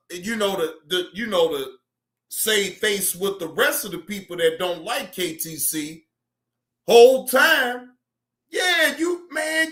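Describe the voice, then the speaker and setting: Male stream host, high voice, slow laid-back delivery, profane and giggly, echoey home room. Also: pushed and bright. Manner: laughs often, swears freely, repeats himself. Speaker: live-stream reaction host. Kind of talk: casual live-stream commentary.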